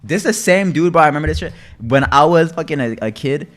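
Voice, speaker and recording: A young man livestreaming casually, telling stories with heavy swearing, loud outbursts and reading out chat messages. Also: a little high, expressive, fast talker.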